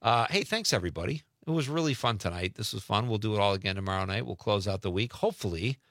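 A man's voice: fairly low pitch, fast talker, a bit bright, no room sound, studio quality. A middle-aged man from Wisconsin hosting a call-in radio show, chatting casually and laughing often as he reads out listener messages.

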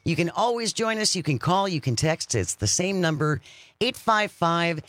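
Upbeat lively male radio host. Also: on the high side, moderate pace, no echo. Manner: upbeat, chatty, lively intonation. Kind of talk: live radio interview. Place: radio studio. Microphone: studio microphone.

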